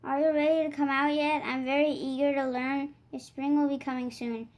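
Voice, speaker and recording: A woman voicing an eager, loud male frog in a storybook read-aloud. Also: high-pitched, flat delivery, normal speed, lightly acted.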